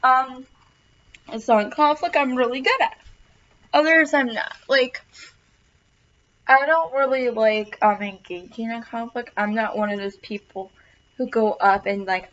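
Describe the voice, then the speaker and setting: A woman's voice: fairly high pitch, fairly bright tone, dull audio. A young adult woman, a college student, giving an earnest self-recorded class introduction and repeating words for emphasis.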